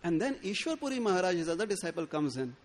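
A man giving a sermon, acting out the quoted lines with stammered restarts. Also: quick pace. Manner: expressive, acts out quoted lines with rising pitch and stammered restarts. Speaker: speaker giving a scriptural discourse.

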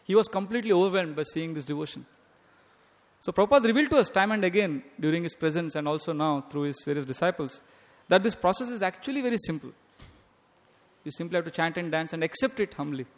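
A man's voice: fairly high pitch, expressive, fast talker. A man giving a devotional lecture, telling stories, quoting and sometimes singing scripture verses. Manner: storytelling, quotes scripture and sings verses. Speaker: speaker giving a devotional talk. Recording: long reverb of a hall.

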